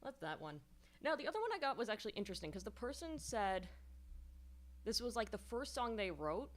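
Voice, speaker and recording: A woman's voice: fairly high pitch, big pitch swings, fairly quick. A woman giving casual songwriting feedback on a livestream, rambling and explanatory with many fillers and restarts.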